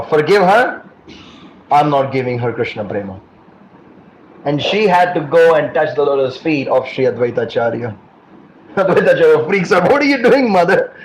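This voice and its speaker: Male class speaker, animated storyteller, higher voice, roomy reverb. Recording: echoey room with faint noise.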